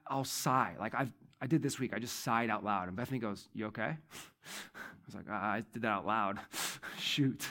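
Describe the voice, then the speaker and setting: Speaking in a mid-range voice, a male pastor gives a conversational sermon in church. He repeats key phrases and moves between loud emphasis and quiet asides.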